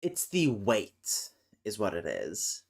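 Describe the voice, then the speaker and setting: On a casual live stream, a man reads a linguistics text aloud, breaking off into exasperated rants where he swears and corrects himself. His lowish voice is creaky, swoops wildly in pitch, and takes its time.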